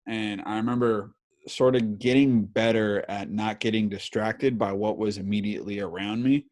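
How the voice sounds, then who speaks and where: Brief: thirties male podcast host, lowish voice, loose and profane, animated storyteller. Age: 30s. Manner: animated, swears a lot, many fillers. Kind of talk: casual storytelling chat.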